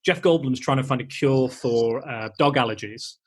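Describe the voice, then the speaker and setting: A man hosts a relaxed podcast chat at a middling pitch. He rambles along with plenty of fillers and restarts, building his points as he goes. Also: moderate pace. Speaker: podcast host. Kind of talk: casual chat.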